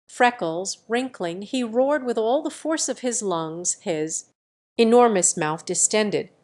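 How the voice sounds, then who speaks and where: A woman with a medium-pitched voice narrates a classic novel as an audiobook. Her scripted storytelling is measured and even.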